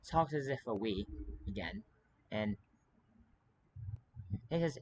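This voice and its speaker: A man's voice: lowish voice, expressive, unhurried, pauses often, a little hiss or hum, poor audio. A man talking to camera in a rambling, urgent way, full of fillers and restarts. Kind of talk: casual monologue to camera.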